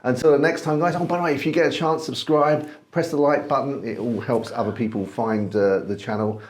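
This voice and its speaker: A man co-hosting a wine tasting show, thinking aloud in a measured, casual way with many fillers. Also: medium pitch, steady tone, darkish tone.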